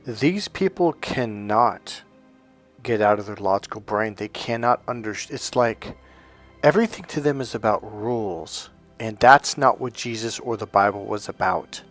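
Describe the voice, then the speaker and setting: A man's voice: on the low side, unhurried, soft background music. A middle-aged man, a life coach, delivering an emphatic, preachy motivational monologue full of storytelling.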